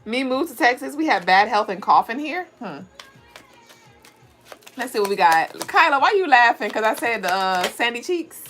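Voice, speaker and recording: A woman's voice: on the high side, very animated, normal speed, fairly bright tone, faint music behind. A woman hosting a live tarot reading, chatty and playful, talking to her viewers in a style. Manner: chatty and playful, laughing often, talks to chat viewers. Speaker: livestream tarot reader and astrology host.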